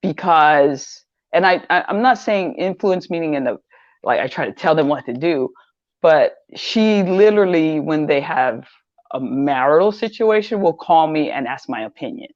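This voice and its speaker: An older woman who sells online is an interview guest, telling her story loosely and repeating words, livening up whenever she quotes others. Her voice sits low at a normal speed, and the recording is dry and lo-fi.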